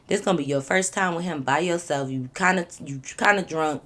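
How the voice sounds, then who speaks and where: Young woman, slightly low voice, animated casual storyteller who curses freely. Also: fairly quick, few pauses. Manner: animated, swings into loud acted-out quotes, swears freely. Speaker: storytime vlogger.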